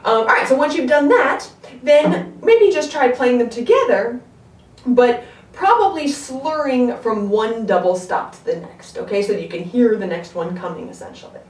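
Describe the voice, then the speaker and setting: A woman giving a step-by-step music lesson, patient, often pausing to check that the learner is following. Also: on the high side, expressive. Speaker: string teacher. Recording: echoey room, distant mic. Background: her own instrument playing between phrases.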